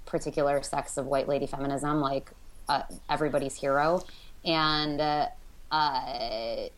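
A woman's voice: low-pitched, steady tone, measured pace, rough recording. A woman co-hosting a podcast, talking casually with lots of fillers and restarts. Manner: rambling, filler-heavy. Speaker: podcast co-host. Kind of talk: casual discussion.

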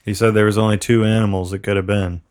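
A man's voice: on the low side, level tone, quick pace, a little mellow. A man co-hosting a podcast, chatting casually and adding wry, swearing comments. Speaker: podcast co-host. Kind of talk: casual chat.

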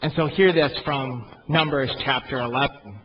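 A man preaching a sermon in an animated way, swinging between loud emphatic peaks and quiet asides. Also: mid-range voice, normal speed, highs cut off. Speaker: pastor.

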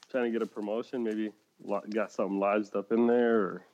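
A man's voice: lowish voice, flat delivery, moderate pace, darkish tone. Guy cohosting a podcast, rambly, lots of restarts, laughs a lot, kinda muffled audio. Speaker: podcast co-host. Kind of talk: casual chat.

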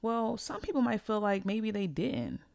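A woman podcast host rants bluntly through a casual monologue, swearing freely and getting heated. Her voice is smooth and resonant. It is recorded dry and close, with no room sound. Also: medium pitch, very animated, moderate pace, a little mellow, no room sound.

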